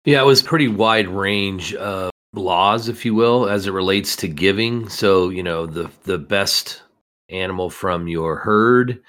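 A man's voice: low-pitched, measured pace, fairly bright tone. A man co-hosting a conversational Bible study discussion, explaining earnestly and reading scripture aloud.

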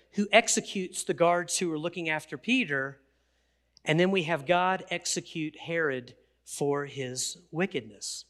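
Male pastor, sermon delivery, high and bright, animated storyteller. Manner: animated storytelling, acts out quotes.

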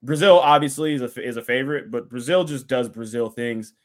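A man's voice: medium pitch, a little fast. A man co-hosting a podcast, chatting about sports in a joking, playful way. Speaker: podcast co-host. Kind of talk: casual sports chat.

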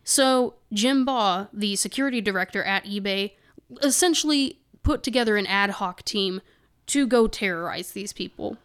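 A woman's voice: medium pitch, normal speed, fairly bright tone, clean tone. A woman co-hosting a casual podcast, reading news excerpts aloud and adding indignant, sarcastic comments. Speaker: podcast co-host.

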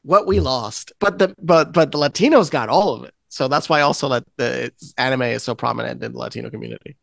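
A man's voice: medium pitch, quick pace, vocal fry, no room sound. A man hosting a casual podcast chat, rambling with many restarts. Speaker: podcast host.

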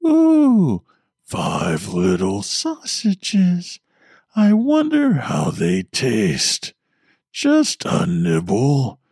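A man voicing a demonic spirit that switches between a little girl's voice and a deep growling demon, slow and mocking. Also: wildly swooping pitch, darkish tone, breathy edge, no room sound, studio quality, heavily acted. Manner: taunting, mocking, slow and drawn out.

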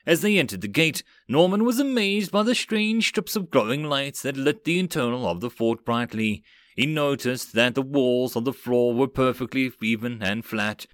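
A man reading a web novel aloud as an audiobook narrator, going straight through the text and lifting his pitch for quoted lines. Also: a bit bright, no room sound.

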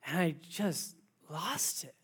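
A man in his thirties preaches in church with passion. He drops into quiet, confiding asides, then climbs to loud, emphatic declarations. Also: fairly high pitch, sing-song, slow, breathy edge. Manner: impassioned, swings from quiet intimacy to loud exclamation. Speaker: pastor. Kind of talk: sermon.

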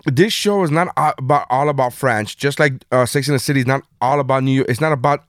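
A man in his thirties tells a rambling story in casual podcast chat, cursing freely and acting out each side of an argument. His voice sits at an ordinary pitch. The recording is close and dry, with no room sound. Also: quick pace, no echo. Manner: profane, animated storytelling. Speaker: podcast co-host.

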